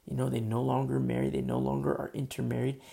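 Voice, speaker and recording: Gravelly-voiced man preaching a casual sermon. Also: medium pitch, flat delivery, fast talker, warm tone. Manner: conversational, many fillers, acts out quoted voices. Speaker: pastor.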